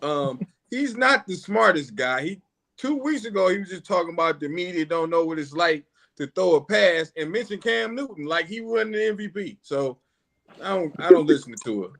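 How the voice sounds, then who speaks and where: A man's voice: high voice, expressive, normal speed, a bit bright. A man on a sports panel, mocking in a dry, storytelling way. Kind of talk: casual sports talk.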